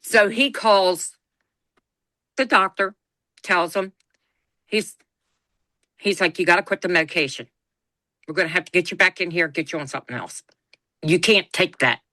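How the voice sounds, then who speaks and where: A woman's voice: on the low side, moderate pace, long pauses, no room sound. A middle-aged woman, telling a personal story on a podcast and acting out the quoted lines as she goes. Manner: animated retelling, acts out quoted dialogue. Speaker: podcast co-host.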